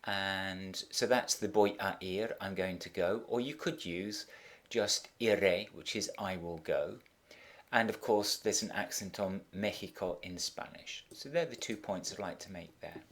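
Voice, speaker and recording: A middle-aged man with a fairly low voice explains a translation exercise step by step. He talks like a teacher at his desk, methodical and unhurried, with frequent ums and small restarts along the way. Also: fairly bright tone. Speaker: Spanish teacher.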